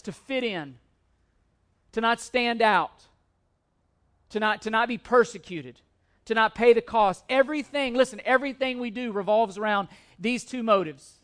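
High-voiced preaching pastor. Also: male voice, a bit bright, clear, resonant tone. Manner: earnest preaching with frequent restarts and call-and-response questions. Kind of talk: sermon.

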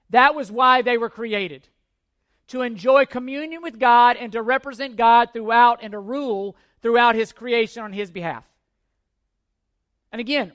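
High-pitched guy preaching, earnest, keeps repeating the point, asks the room questions. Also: pushed and bright. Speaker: pastor. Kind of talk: teaching sermon.

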